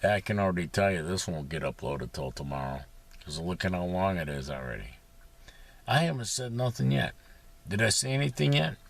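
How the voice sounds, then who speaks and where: A man's voice: low-pitched, big pitch swings, a little fast, creaky. A man rambling in a casual monologue from inside his parked vehicle, profane and sarcastic, with many fillers. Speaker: vlogger.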